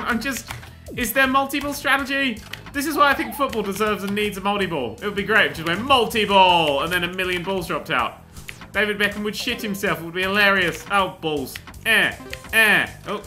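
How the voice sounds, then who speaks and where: A man giving rambling, excitable gameplay commentary and swearing often as he plays. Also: high-pitched, fairly quick, soft background music. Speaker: let's play host.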